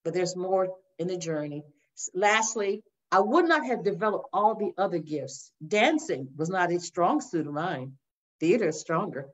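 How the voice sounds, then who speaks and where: An older woman minister sharing her testimony in a faith interview, telling it with lively storytelling and acting out the voices. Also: on the low side, normal speed. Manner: animated storytelling, acts out voices, addresses listeners as y'all. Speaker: guest minister. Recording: dull lo-fi sound.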